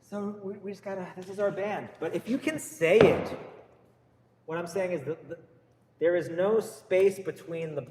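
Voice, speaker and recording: This guitar teacher has a high, mellow voice and talks at a normal speed. He counts beats and calls note letters for his students to chant as a group, in an echoey room with slight background noise.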